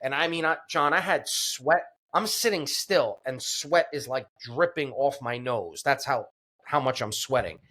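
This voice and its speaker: A man of ordinary mid-range pitch tells a personal story to a podcast host. His delivery is earnest and conversational, full of fillers and restarts. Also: a little slow, pushed and bright. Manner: earnest, vivid retelling with many fillers and restarts. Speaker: podcast guest.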